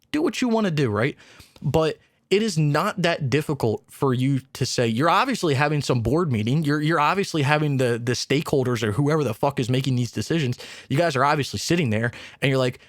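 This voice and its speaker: A man's voice: on the high side, dry recording, studio quality. A man hosting a gaming channel, ranting in casual commentary, exasperated and swearing, mocking companies with put-on voices.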